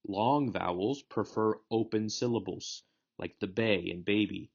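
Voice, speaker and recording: Deep gravelly guy lecturing slowly thru grammar rules, kinda dull lo-fi sound. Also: darkish tone. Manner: methodical, explanatory teaching. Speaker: Hebrew instructor. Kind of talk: recorded lecture.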